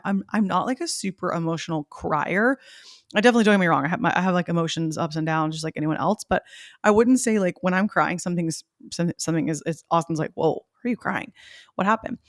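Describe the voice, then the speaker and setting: A woman's voice: fairly low pitch, fast talker, no room sound, studio quality. A young woman from Tennessee hosting a solo podcast, telling a personal story in a chatty, confessional way full of "like"s. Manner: chatty and confessional, many "like"s, quoting herself and others. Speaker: podcast host.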